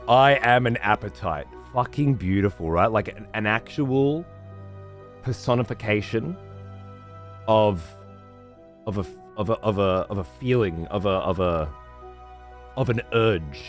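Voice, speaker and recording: A man with a lowish voice chats loosely while he plays, swearing freely as his thoughts wander. Faint music sits quietly behind him. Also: lively intonation, unhurried. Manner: rambling, heavily profane. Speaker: streamer. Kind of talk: casual chat while gaming.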